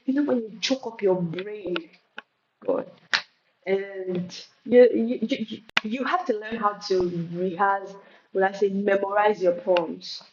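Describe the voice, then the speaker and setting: Muffled and roomy, with hiss constantly in the background, this clip captures a woman teaching poetry live and responding to questions. Her medium-pitched, mid-range voice presses hard on key words with drawn-out emphasis, and she keeps repeating herself and restarting phrases.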